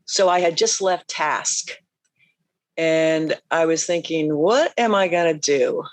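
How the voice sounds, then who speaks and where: A woman in her fifties tells her story on a podcast. She is animated and laughs often. She acts out the voices of people she quotes. The recording is dry and close. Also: low voice, takes it slowly, dry recording. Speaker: podcast guest. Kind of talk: conversational interview.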